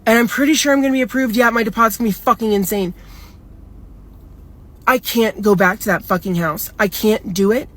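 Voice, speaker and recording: A woman's voice: fairly high pitch, a little fast, fairly bright tone. A young woman telling a storytime in a casual, upset and rambling way, swearing a lot. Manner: upset, rambling, heavy swearing, many "like" fillers.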